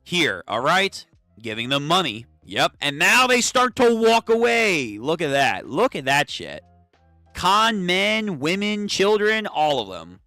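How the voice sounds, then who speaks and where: A young man hosting a casual comic read-through, excitable and swearing freely. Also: high voice, slow, no room sound, soft background music. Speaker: channel host.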